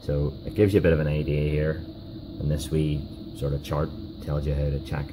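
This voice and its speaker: A man giving a casual hands-on workshop demonstration, talking in a halting way with many fillers and restarts. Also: a bass voice, monotone, noisy background. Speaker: DIY car repair video host.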